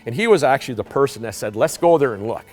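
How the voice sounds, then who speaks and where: A man giving a conference talk, telling a story in an animated way, halting often with restarts and repeated words. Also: medium pitch. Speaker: conference presenter. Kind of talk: storytelling lecture. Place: conference hall. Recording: long hall reverb, faint music.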